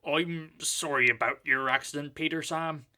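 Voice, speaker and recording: A man's voice: a little high, fairly even intonation, moderate pace, sharp tone, voice pushed up. A man voicing a grumbling, self-pitying male steam engine in a storybook reading, with a whiny, complaining manner. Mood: sheepish.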